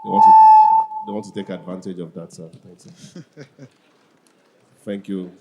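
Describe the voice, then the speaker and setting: A man hosting a live event, hurried, restarting phrases as he calls for applause. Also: low voice, lively intonation, muffled recording, over loud music. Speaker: event emcee. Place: large event hall. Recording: reverberant hall, long echo.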